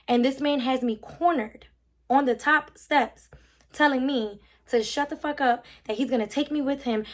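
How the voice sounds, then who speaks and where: A young woman telling a storytime vlog, emphatic and animated, acting out the quotes. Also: sits high. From Philadelphia. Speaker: vlogger.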